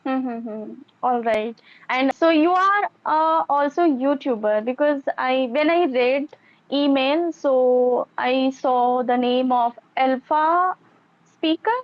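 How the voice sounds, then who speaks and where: High-voiced woman, dull lo-fi sound. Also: takes it slowly. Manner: upbeat, uses idioms and polite formal phrasing. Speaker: podcast guest. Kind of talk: casual conversational interview.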